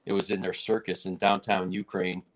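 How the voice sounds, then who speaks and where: Lively low-voiced man telling a story. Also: brisk. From United States. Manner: animated, acts out quotes in a raised voice. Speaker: martial arts federation president, guest. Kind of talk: casual storytelling in a podcast interview.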